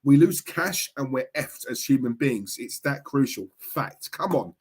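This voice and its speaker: A man's voice: medium pitch, animated, measured pace, a little mellow, breathy edge. A young man ranting casually on a live stream, outspoken and repetitive, tagging his points with "right?" and "yeah?". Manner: outspoken, repetitive, tag questions.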